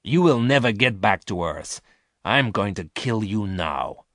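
A man's voice: on the low side, expressive, a little slow, a bit bright, no room sound. Guy doing a harsh bossy space thief, up-and-down voice, dry close sound. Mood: threatening. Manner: harsh, commanding. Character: ruthless male space thief leader.

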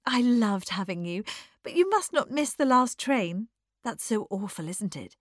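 A woman reading an audiobook, voicing an eager young wife who talks in a breathless, high-pitched gush. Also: big pitch swings, measured pace, no echo, studio quality. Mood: gracious. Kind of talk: audiobook character voice.

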